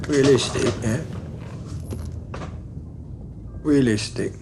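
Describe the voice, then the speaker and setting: An actor playing a volatile, menacing gangster baker in a crime drama, mocking one moment and threatening the next. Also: male voice, mid-range voice, moderate pace, creaky, lightly acted. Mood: scornful. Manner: mocking, swings between jovial and menacing. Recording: steady background noise.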